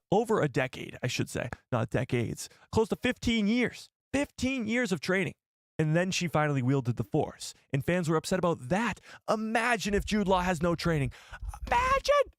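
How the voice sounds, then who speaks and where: Excitable man hosting a live stream. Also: fairly high pitch, dry recording, studio quality. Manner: excitable, rambling, corrects himself often. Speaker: host.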